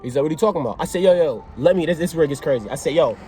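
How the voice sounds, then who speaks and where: A young man vlogging a storytime, excitable and slang-heavy, acting out both sides of a conversation. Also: a little high, racing, faint music behind. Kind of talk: animated storytime vlog.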